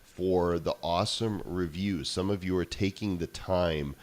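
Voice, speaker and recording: A male podcast co-host with a very low, deep voice. He chats casually and keeps things upbeat and promotional. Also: fairly even intonation, unhurried.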